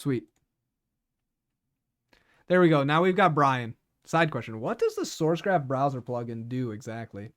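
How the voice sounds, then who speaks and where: A man's voice: mid-range voice, animated, moderate pace, long pauses, a bit bright. A man streaming live, chatting casually with his viewers, laughing often and repeating words as he talks.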